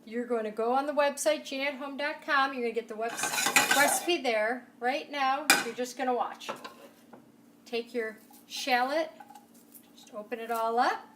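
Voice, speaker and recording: A woman hosts a casual home cooking demonstration in her kitchen, chatty and enthusiastic, speaking straight to the viewer as she cooks. Her voice sits high at normal speed, caught by a distant camera mic amid kitchen noise, sizzling, and clattering utensils.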